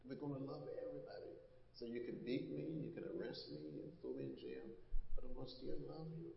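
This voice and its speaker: A man in his seventies, a congressman, answering questions on stage in slow, earnest, measured stories. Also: medium pitch, big pitch swings, creaky, a little hiss or hum. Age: 70s. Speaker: congressman and guest. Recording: dull, echoey hall.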